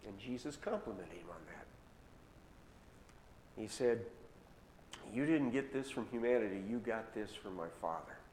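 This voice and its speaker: A man preaching a sermon and retelling scripture in casual modern words, slowing down to stress key phrases. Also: on the low side, animated, a little mellow. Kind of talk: sermon storytelling. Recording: echoey hall with long reverb, faint noise.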